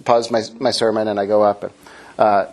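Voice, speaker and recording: A middle-aged man preaching a humorous sermon in a church, playful, sometimes acting out a child's shouts. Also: lowish voice, flat delivery, a little fast. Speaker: pastor.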